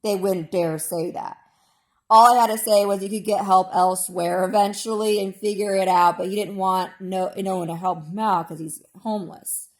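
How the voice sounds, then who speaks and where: A woman vlogger telling a rambling personal story in a casual, emphatic way, with sudden jumps in pitch and loudness. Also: fairly even intonation, moderate pace.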